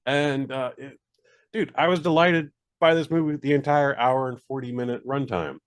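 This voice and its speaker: Man, podcast co-host, casual rambling movie review, mid-pitched, filler-heavy. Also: normal speed. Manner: rambling, self-deprecating, many fillers.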